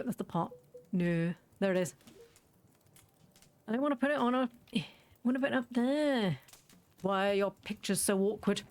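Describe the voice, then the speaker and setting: Chatty woman streamer. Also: medium pitch. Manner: chatty, rambling, self-correcting, laughing often. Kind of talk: let's play commentary.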